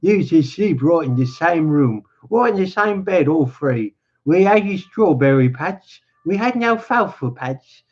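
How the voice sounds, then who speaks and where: A man voicing a lonely, needling older male stable hand, drawn out and raised in pitch, on a dull lo-fi recording. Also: animated, a little slow, a little mellow, husky. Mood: wistful.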